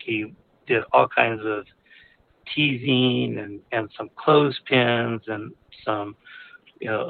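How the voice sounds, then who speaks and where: A male caller telling a personal story frankly, in a candid, rambling way with chuckles between phrases. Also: medium pitch. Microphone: phone call. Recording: tinny phone line.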